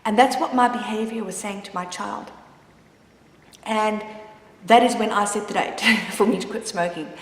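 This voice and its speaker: Brief: candid mom vlogger, rambling and open, in a roomy space with a long reverb tail. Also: female voice, mid-range voice, normal speed. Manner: candid, rambling, with frequent restarts. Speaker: mother sharing her story. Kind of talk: personal confessional vlog.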